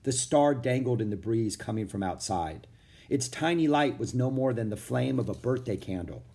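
A man reading a children's chapter book aloud in steady storytelling narration. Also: medium pitch, moderate pace. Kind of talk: audiobook narration.

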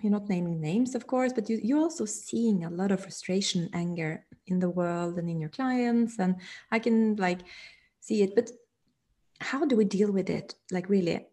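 Mellow-voiced woman hosting a podcast. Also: medium pitch, normal speed. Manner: hesitant, meandering questions full of fillers. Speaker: podcast host. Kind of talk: podcast conversation.

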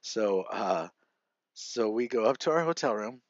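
Middle-aged male guest, earnest storyteller, lowish voice, dry slightly muffled recording. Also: lively intonation, measured pace, no room sound. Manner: earnest, frequent "right?" asides, chuckles. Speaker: podcast guest. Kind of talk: personal storytelling.

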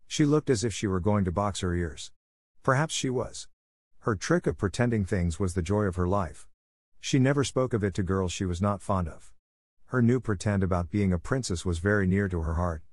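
A man narrating a classic novel as an audiobook for language learners, reading in a measured, clear way. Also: on the low side, darkish tone, no echo, clean studio sound.

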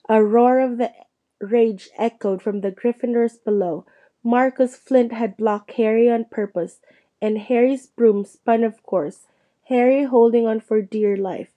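A woman's voice: unhurried, dull audio. A woman narrating a storybook, reading it aloud and lifting her voice for the characters' lines. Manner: lively, shifts pitch for quoted characters. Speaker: audiobook reader.

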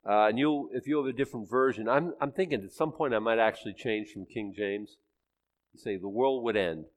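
Speaking briskly in a mid-range voice, a man in his sixties preaches as pastor. He chats with the congregation, quizzes them, and teases himself along the way.

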